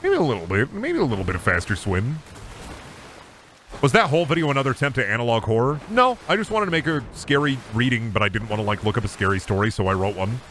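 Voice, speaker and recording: A man streaming a game, talking in a crude, goofy, rambling way and trash-talking the other players. His voice is bright and his pitch swings widely. A faint noise sits under the recording. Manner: trash-talks opponents. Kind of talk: casual gaming stream commentary.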